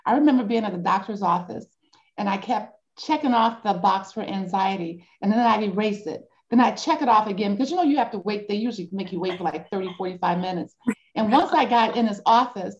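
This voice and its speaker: A woman leads a support group over a video call. Her tone is encouraging, and she pauses often with ums. Her voice has a middle pitch, and the audio sounds a little dull. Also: expressive, darkish tone. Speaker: grief support group facilitator. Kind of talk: group discussion.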